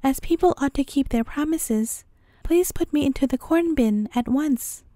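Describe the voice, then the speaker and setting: A woman's voice: high voice, normal speed, dark tone, dry recording, studio quality, close to an everyday voice. A woman voicing a frisky, sly little male lamb in a storybook tale, speaking in a cheeky sing-song way.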